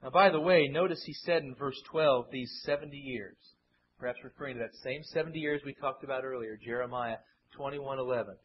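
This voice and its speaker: A man's voice: medium pitch, fairly quick, slight background noise. A man preaching an expository Bible sermon who acts out the voices he quotes with dramatic swings. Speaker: pastor. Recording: muffled lo-fi sermon recording.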